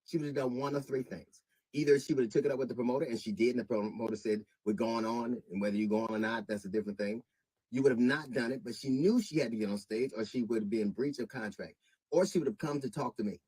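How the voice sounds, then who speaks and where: Middle-aged man, husky voice, dry close sound; measured with halting restarts, rising to indignation. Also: medium pitch, dark tone, no room sound, low-quality recording. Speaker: comedian. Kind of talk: public statement.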